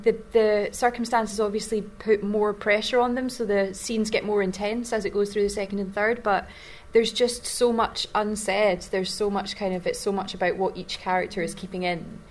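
A woman with a Glaswegian accent, an actor chatting in a press interview, laughing often. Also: mid-range voice. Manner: laughing, chatty, quick-witted. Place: small room.

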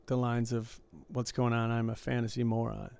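A man's voice: mid-range voice, monotone, moderate pace, creaky, a little mellow, clean tone. A man from Michigan co-hosting a podcast in casual chat, easygoing and self-deprecating. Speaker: podcast co-host.

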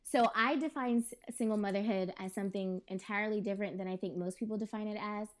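A woman's voice: mid-range voice, quick pace. A woman co-hosting a casual talk show, blunt and outspoken, often laughing as she talks. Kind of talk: casual chat.

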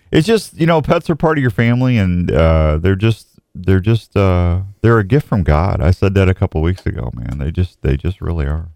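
A middle-aged man hosting a casual talk show, folksy and grieving, pausing slowly as he speaks. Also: low-pitched, mellow, dry recording. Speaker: radio show host.

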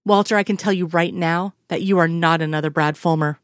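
A woman's voice: on the low side, fairly even intonation, fairly quick, clean tone, no room sound, studio quality, close to an everyday voice. A woman reading the lines of a frank, strong-willed woman in a story, earnest and lifting in emphatic lines. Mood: tender. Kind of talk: fan fiction read aloud.

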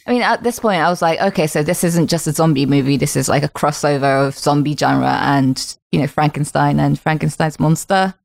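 A woman's voice: sits low, fairly quick, gravelly, hardly any pauses, no echo. A woman co-hosting a casual film discussion, agreeable and chiming in often. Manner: agreeable, many small affirmations. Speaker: podcast co-host.

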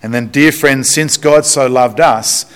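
A man preaching a sermon in church, animated and storytelling, often restarting his words. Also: mid-range voice, measured pace, clean tone. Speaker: pastor.

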